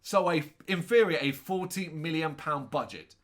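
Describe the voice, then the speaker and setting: A man with a somewhat high voice co-hosts a relaxed film discussion. He rants and mocks, swears freely, and keeps stopping to correct himself. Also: moderate pace. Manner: ranting, sarcastic, swears, trails off and corrects himself. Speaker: co-host reviewing a film. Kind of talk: casual chat.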